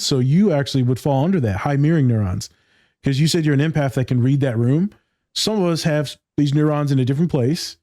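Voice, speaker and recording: Slangy, emphatic man with a mellow voice. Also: mid-range voice, no echo, clean studio sound. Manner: emphatic and slangy, says "my guy", swears freely. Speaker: podcast host. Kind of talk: casual podcast chat.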